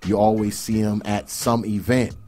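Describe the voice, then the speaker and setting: A man talking in a casual roundtable discussion, emphatic and repetitive, sometimes rising to loud outbursts. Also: lowish voice, little pitch movement, moderate pace. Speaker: podcast host.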